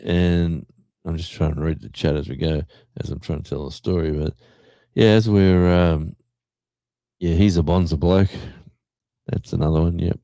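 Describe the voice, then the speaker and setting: A man's voice: deep voice, steady tone, moderate pace, mellow, no room sound. An Australian man hosting a livestream, chatting casually and rambling, with many fillers and restarts while he reads the chat. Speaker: livestream host. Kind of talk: casual chat reading a live chat.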